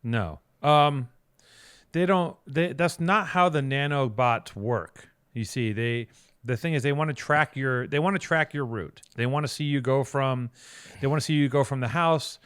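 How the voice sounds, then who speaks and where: A man's voice: mid-range voice, measured pace, fairly bright tone, clean tone, no echo, studio quality. A man co-hosting a podcast, chatting casually and telling rambling, sarcastic stories with plenty of swearing. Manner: rambling, sarcastic, profane storytelling. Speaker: podcast co-host. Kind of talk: casual chat.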